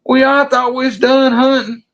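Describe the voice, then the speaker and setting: A man doing a panicky, squeaky hunting buddy. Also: sing-song, fairly quick, gravelly, slightly rough, muffled recording, full character voice. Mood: bewildered. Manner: high-pitched, rattled, defensive whining.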